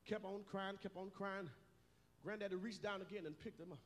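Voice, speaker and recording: A male pastor preaching a sermon in a church, building rhythmic repeated phrases up into shouts. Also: high voice, steady tone, fairly quick. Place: church sanctuary. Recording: long church hall reverb.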